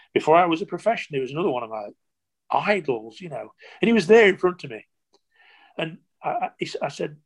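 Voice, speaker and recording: Older male, ex-footballer guest; chatty, halting storyteller, acts out old conversations. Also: mid-range voice. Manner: rambling anecdotes with many restarts and quoted dialogue. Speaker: former footballer. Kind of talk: interview storytelling.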